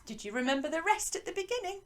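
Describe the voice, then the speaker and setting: A woman's voice: very high voice, very animated, fast talker. A woman teaching a singing lesson to schoolchildren, explaining each step patiently and encouragingly.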